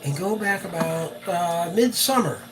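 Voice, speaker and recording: An older man talks casually on a live stream from aboard a yacht, speaking into a phone. He rambles and fills gaps with ums and uhs. Engine and wind hum sit clearly behind his voice. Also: high voice, animated, unhurried. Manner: rambling, chatty, many fillers. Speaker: boat captain livestreamer.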